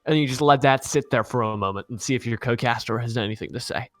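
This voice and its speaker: A man's voice: medium pitch, fast, no room sound, soft background music. A man casting a mobile shooter esports match live, breaking down plays with joking, analytical banter. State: tired from no sleep. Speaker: esports caster.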